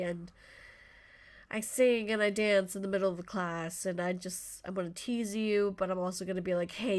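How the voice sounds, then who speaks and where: Passionate, rambling woman podcaster. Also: fairly low pitch. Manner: effusive, passionate, rambling with self-interruptions. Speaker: podcast host. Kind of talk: motivational solo podcast talk.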